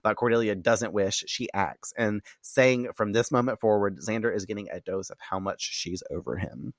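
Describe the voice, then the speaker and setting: A man casually recapping a TV episode, animated and profane, often laughing and acting out characters' lines. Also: fairly low pitch, moderate pace, dry recording, clean studio sound. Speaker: TV episode reaction commentator.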